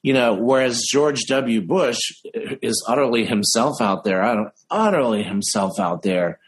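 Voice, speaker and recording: Male guest, husky tone, mid pitch, animated anecdotal delivery with deliberate slow beats. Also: poor audio. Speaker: impressionist guest. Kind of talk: casual interview chat.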